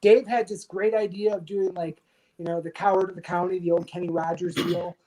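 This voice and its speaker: A man in his forties from the United States tells his stories as a podcast guest. He keeps it loose and lively and acts out what other people said. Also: high voice, brisk, a little hiss or hum, poor audio. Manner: animated storyteller acting out others' quotes. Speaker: guest, retired soldier and pro wrestler. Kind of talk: casual storytelling interview.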